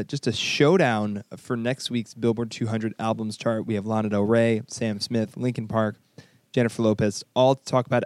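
A young man hosting a casual music podcast, chatty and halting with lots of fillers and restarts. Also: mid-range voice, darkish tone, no room sound, studio quality. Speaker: podcast host. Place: New York studio.

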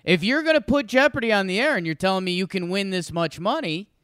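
This is a young man in a casual two-person chat. His voice sits a bit high and comes through smooth and clean with no room sound around it. He tells stories with energy and throws in quick jokes. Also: dry recording, studio quality. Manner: animated storyteller, jokey, quick asides. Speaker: podcast co-host.

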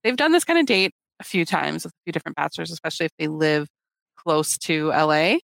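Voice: mid-range voice, quick pace, creaky, a bit bright, no echo. A podcast host in casual recap chat, explaining and prompting the other speakers.

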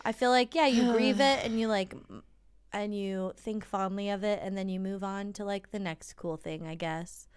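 Woman, mid pitch, smooth clear voice, lively casual storytelling. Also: normal speed. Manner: animated storyteller, laughs often. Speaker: aunt chatting with a friend. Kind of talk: casual chat.

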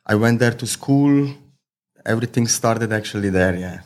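Man speaking halting non-native English. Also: on the low side. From Switzerland. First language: Slovenian or Swiss German. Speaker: guest, fight coach. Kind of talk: casual interview.

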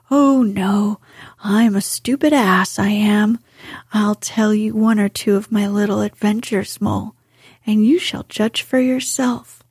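A woman's voice: fairly high pitch, darkish tone, slightly rough, no echo, clean studio sound. A woman voicing a boastful, conceited male toad in a storybook, in whispered role-play. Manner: boastful and sarcastic.

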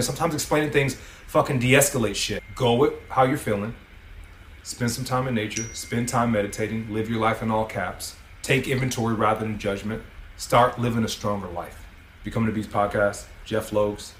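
A man's voice: on the low side, fairly bright tone, roomy sound, slight background noise. A man hosting a podcast, giving a motivational monologue in a coaching, preachy way and swearing freely. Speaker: podcast host.

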